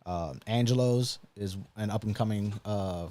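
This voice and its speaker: A man co-hosting a live podcast, talking in a relaxed, rambling way with many ums and likes. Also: on the low side, unhurried. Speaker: podcast co-host. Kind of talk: casual live podcast chat.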